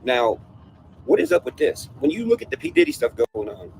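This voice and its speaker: A man's voice: mid-range voice, sing-song, a little fast, a little mellow, poor audio. A man ranting in a casual livestream panel, profane and conspiratorial, with faint noise behind him. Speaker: panel guest.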